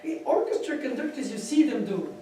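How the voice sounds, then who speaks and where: Male piano teacher, animated masterclass delivery, boomy hall sound. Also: a little fast, slight background noise. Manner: animated, laughing, counts beats aloud. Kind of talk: masterclass instruction. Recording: echoey hall from far off, piano. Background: piano playing.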